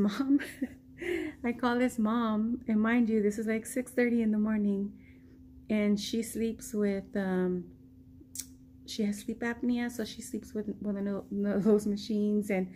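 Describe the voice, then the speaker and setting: A woman's voice: mid-range voice, slight background noise. An American woman vlogging a personal story in a casual way, acting out what people said. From United States. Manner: animated retelling, acting out quoted lines.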